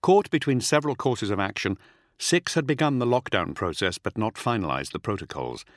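A middle-aged man narrating an audiobook with dramatic, measured storytelling. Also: on the low side, expressive, dry recording, clean studio sound.

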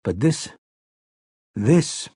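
A male audiobook narrator reads a scripted text in a mid-pitched, slightly husky voice. His delivery is measured and expressive, leaning into the story's moments, and the recording is close and dry with no echo or room sound.

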